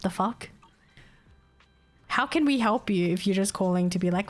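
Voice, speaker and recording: A woman's voice: medium pitch, moderate pace, long pauses, soft background music. A young woman, chatting casually on a live stream, venting in exasperation, laughing often and swearing.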